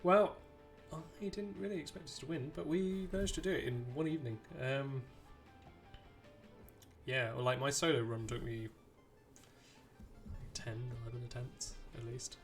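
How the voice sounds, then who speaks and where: A man's voice: mid-range voice, normal speed, pauses often. A man giving casual live commentary while he plays a video game, rambling and chatting to the characters on screen. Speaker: streamer playing a video game. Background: game music.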